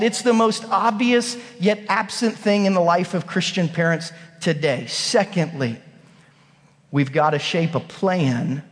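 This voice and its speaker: Man, pastor, sermon, animated storytelling, high-pitched, long church reverb. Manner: animated storytelling, acts out voices. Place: church sanctuary.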